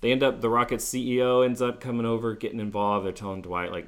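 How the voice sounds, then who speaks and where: A lower-voiced man tells a story in a loose, rambling way. He leans on fillers like 'like' and often restarts his sentences. It sounds like relaxed, unscripted storytelling. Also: brisk, hardly any pauses. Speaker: former team staffer telling a story. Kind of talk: casual storytelling.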